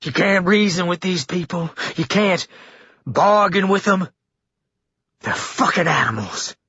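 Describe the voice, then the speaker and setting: A man's voice: high voice, measured pace, sharp tone, breathy edge, no room sound, pitched above the performer's own voice, full character voice. A man doing a menacing false-soothing tyrant. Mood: seething. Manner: falsely soothing, then snarling. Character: menacing scheming male leader, wounded. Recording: dull lo-fi dry recording.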